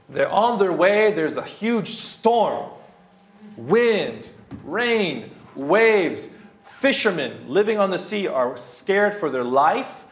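A man in his thirties delivers a verse-by-verse expository sermon in a high-pitched voice with big swings in pitch, taking his time. He speaks emphatically, repeats key phrases, and uses plenty of filler words, all with a roomy hall echo.

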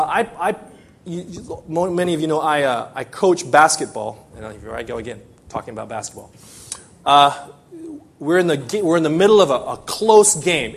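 Middle-aged male pastor, slightly high husky voice, lively sermon delivery. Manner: animated, emphatic, repeats phrases.

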